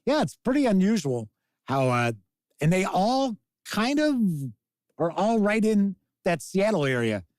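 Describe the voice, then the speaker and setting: A man's voice: high voice, very animated, unhurried, a little mellow, no room sound. A man in his fifties, hosting a casual live-stream chat, rambling and reading out viewer comments. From American. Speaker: podcast host reading chat.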